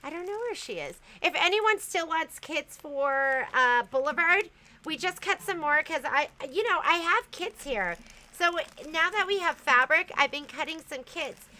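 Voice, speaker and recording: A woman's voice: sits high, lively intonation, measured pace, bright, forceful tone, low-quality recording. A woman hosting a casual livestream, chatting loosely and reading viewer comments aloud, often trailing off and restarting. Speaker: livestream host.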